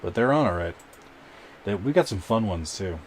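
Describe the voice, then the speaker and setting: A man's voice: fairly low pitch, expressive, moderate pace, a little hiss or hum. A man streaming a game and chatting with viewers in a rambling, casual way, full of fillers and restarts. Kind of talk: casual live-stream chat while gaming.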